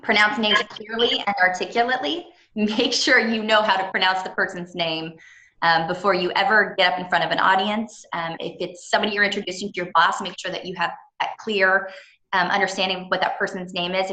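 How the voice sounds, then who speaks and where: A woman's voice: mid-range voice, fairly even intonation, a little fast, sharp tone, roomy sound, rough recording. A woman presenting a business etiquette seminar, chatty and engaging with frequent fillers.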